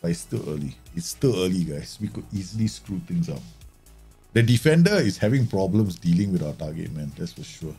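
Excitable gravelly-voiced man commentating a game. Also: deep voice, fairly quick, faint music behind. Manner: excitable, jokey, swears, bursts into mock match-commentator shouts. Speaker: streamer playing a football management game. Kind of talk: live game commentary and casual chat.

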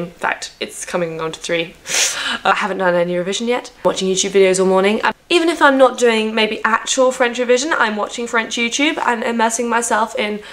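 A woman's voice: medium pitch, fairly bright tone. A teenage girl at home, chatting rambly and self-mocking to camera with lots of fillers and restarts. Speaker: vlogger. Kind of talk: rambling casual chat to camera.

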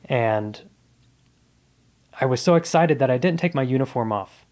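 As a guest comedian on a podcast, this man in his thirties walks through his life story with a casual, earnest, reflective air. His mid-range voice is animated and a little mellow, moving at a moderate pace.

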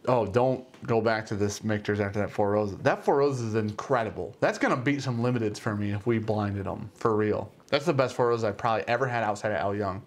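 A middle-aged man co-hosting a whiskey livestream, loud and jokey, laughing often in casual banter. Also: lowish voice, brisk, hardly any pauses.

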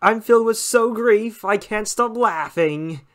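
A man voicing a flamboyant male robot TV star with a theatrical, drawn-out, mock-tragic delivery. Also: high voice, fairly bright tone, voice pushed up.

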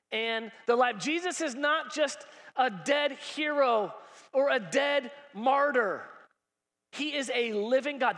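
A man preaching a lively sermon, acting out dialogue and rising to shouts. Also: very high-pitched, in a large hall. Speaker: pastor. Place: large church hall.

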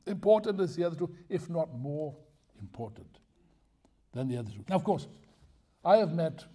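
A man's voice: fairly high pitch, big pitch swings, normal speed, warm tone. An older man giving a live lecture to an audience, emphatic and digressive, with wry asides and jokes. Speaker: speaker at a political festival.

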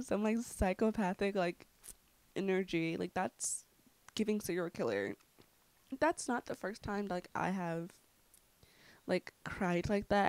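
A young woman rambles through a casual storytime, her voice carrying a gravelly fry. She peppers her talk with fillers and darkly joking asides. The sound is dry and close, with no room around it. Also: on the low side, a little mellow, no room sound. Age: young adult. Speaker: vlogger.

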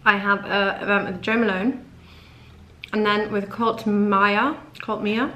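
Young woman, casual vlog to camera, chatty and gushing, says "like" a lot, mid-pitched voice, at home. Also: fairly even intonation, measured pace, sharp tone. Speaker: fashion vlogger. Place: at home indoors.

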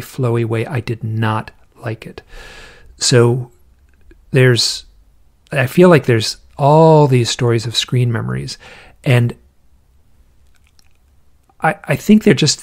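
Guy with a gravelly voice rambling thru stories, lots of restarts, mid pitch. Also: a little mellow. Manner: rambling, restarts often, acts out quoted voices. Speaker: podcast guest, author on owls and UFOs. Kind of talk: casual interview storytelling.

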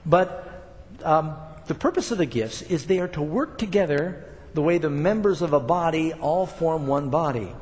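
A man's voice: on the high side, animated, moderate pace, darkish tone, long reverb tail. An older man preaching a sermon, talking casually to the congregation and building up emphatic points. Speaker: pastor.

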